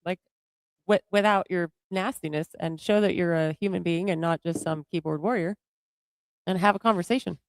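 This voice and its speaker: A woman's voice: fairly low pitch, normal speed, dry recording. Woman, livestream co-host, blunt, defiant, casual chat, dry sound.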